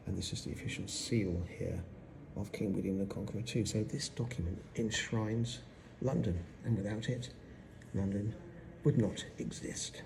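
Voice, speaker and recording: A man's voice: on the low side, normal speed, gravelly. Man guiding a tour on a noisy street. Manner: animated, asks the viewer rhetorical questions. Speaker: London tour guide. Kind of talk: walking tour explainer videos. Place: around London sites, in and out of doors. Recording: noisy city street sound.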